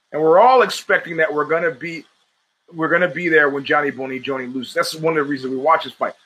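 Bright-voiced opinionated sports podcast host. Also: male voice, a little high, rough recording. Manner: rambling, opinionated, restarts mid-sentence; profane, streetwise talk. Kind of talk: casual sports commentary monologue.

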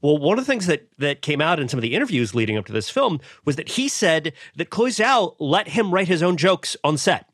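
A man on a film podcast panel, talking casually with lots of fillers and quick animated asides. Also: on the high side, no room sound, clean studio sound.

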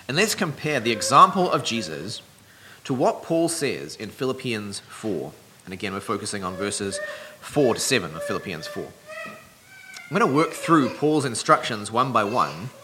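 A male preacher delivers a measured, earnest sermon in a bright voice that rises and falls with lively intonation. A faint hiss of noise sits behind him. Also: medium pitch.

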